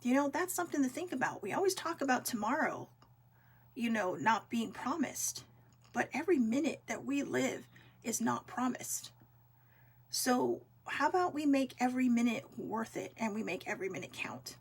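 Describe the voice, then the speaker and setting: Earnest woman giving a gentle pep talk. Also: on the high side, animated, normal speed, husky. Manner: earnest, gentle, uplifting, with many fillers. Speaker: vlog host. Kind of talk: casual heartfelt talk to viewers.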